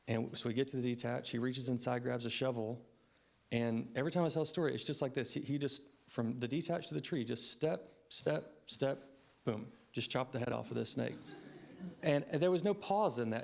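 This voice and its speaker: A man's voice: medium pitch, normal speed, creaky. A man in his thirties giving a funeral eulogy for his grandfather, telling stories in a reflective way with frequent "um" fillers. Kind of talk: funeral eulogy, personal storytelling. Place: funeral service.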